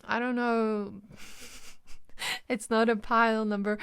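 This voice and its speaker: Bright, smooth-voiced woman reading tarot. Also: a little high, moderate pace. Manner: rambling, animated, acts out little scenes. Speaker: tarot reader. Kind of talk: casual spiritual reading to camera.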